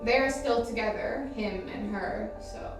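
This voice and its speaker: A woman performing a theatrical monologue, telling a story slowly and reflectively with long pauses, recorded from a distance on a stage with music behind. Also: on the high side, lightly acted. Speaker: stage actor. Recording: echoey room from far off, music behind.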